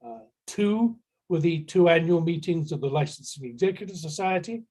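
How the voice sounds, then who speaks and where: A man's voice: on the high side, animated, normal speed, mellow. American man telling a workshop story. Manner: storytelling anecdote with dry humor. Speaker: workshop presenter. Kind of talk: conference workshop talk.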